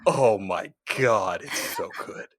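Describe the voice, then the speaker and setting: A man hosting a podcast, talking in animated casual chat, laughing often and swearing casually. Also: on the low side, takes it slowly, no room sound, studio quality. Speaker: podcast host.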